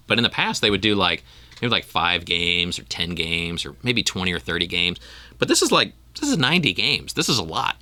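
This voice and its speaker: Low-voiced rambling male podcast host. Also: bright, forceful tone, dry recording. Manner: rambling, with frequent ums and restarts. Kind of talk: casual chat.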